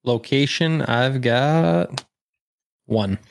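A man's voice: mid-range voice, extremely slow, creaky, slight background noise. A man in casual tabletop game chat who swears freely and is stoned. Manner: laughs often, swears freely.

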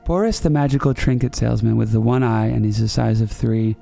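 A man's voice: medium pitch, fairly quick, creaky, mellow, soft background music. A man hosting a comedy podcast, telling a rambling story in a playful way and correcting himself as he goes. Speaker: podcast host. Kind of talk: comic storytelling.

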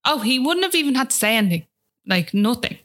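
Speaking fast and with lots of animation, this Irish woman has a slightly high, somewhat bright voice. She's a guest sharing a personal story, chatting casually and filling her talk with "like" and "do you know what I mean."

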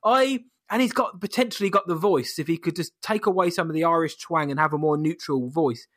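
A man co-hosting a casual chat in a measured, thoughtful way with dry humor. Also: a little high, fairly bright tone, dry recording. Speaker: podcast co-host.

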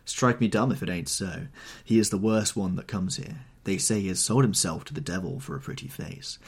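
A man's voice: low-pitched, a little fast, husky. A man voicing a haggard, bitter older woman from a drinking den, who hisses, sneers and whines her lines. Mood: sneering. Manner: hissing, sneering, whining.

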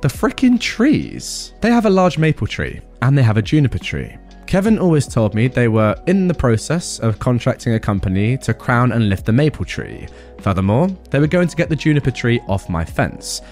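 A man's voice: mid-range voice, big pitch swings, a little fast, darkish tone. Guy telling a story, lots of snark and jokes, voice bouncing all over, faint music behind. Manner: sarcastic, comic asides. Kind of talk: storytelling narration.

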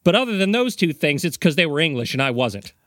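A man's voice: on the high side, big pitch swings, quick pace, fairly bright tone, no echo. Snarky sarcastic man, dry close sound. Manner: snarky, sarcastic, long-winded. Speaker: podcast co-host. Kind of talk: casual podcast chat.

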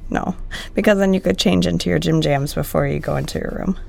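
Playful podcast cohost lady, kinda low voice, lots of vocal fry, rambly casual chat. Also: a little fast, darkish tone. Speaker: podcast co-host.

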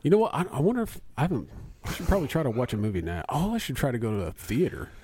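A man's voice: mid-range voice, huge pitch swings, warm tone, slightly rough. A man in his thirties, a podcast guest in casual chat, rambling and poking fun at himself while laughing often. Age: 30s. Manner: self-mocking, rambling, quick to laugh.

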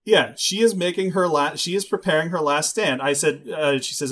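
A man's voice: a little high, normal speed, fairly bright tone. A man co-hosting a podcast, recapping an anime episode in casual chat, reading bits from his notes with wry, profane asides. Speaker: podcast co-host.

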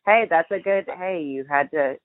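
A woman's voice: deep voice, moderate pace, no room sound, phone-quality sound. A woman hosting a casual interview, encouraging her guest with frequent affirmations, heard over remote call audio. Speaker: podcast host.

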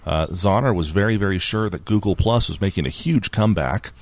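A man's voice: low voice, a little fast, no room sound. A man hosting a podcast, chatting casually, laughing easily and reading out listener feedback. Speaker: podcast host.

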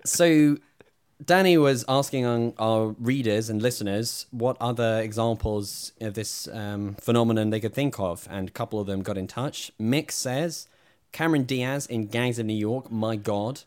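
A man's voice: medium pitch, normal speed, a little mellow, clear, resonant tone. A man co-hosting a podcast, chatting casually and wryly about films, laughing often. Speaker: podcast co-host. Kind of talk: casual film chat.

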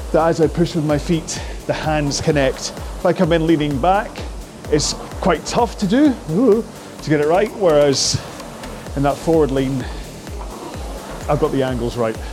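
A man coaching a rowing workout, chatty and jokey, talking while he rows on a machine. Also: a little high. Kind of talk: instructional workout talk.

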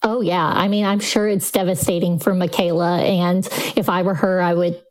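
A woman's voice: lowish voice, level tone, moderate pace, low-quality recording. A woman answering questions as a podcast guest, chatty and opinionated, with casual fillers. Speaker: guest commentator.

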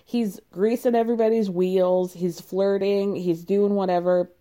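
A woman's voice: mid-range voice, steady tone, measured pace, mellow, clean tone. A woman hosting a podcast, chatting casually through a reality show recap, laughing often and saying "like" a lot.

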